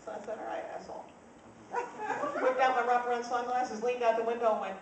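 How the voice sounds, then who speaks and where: A New Jersey woman performs a stand-up set in a club, telling brash, profane stories with punchy timing. Her voice sits on the high side with little pitch movement and a quick pace. The live-room recording is distant and echoey, filled with loud crowd laughter and noise.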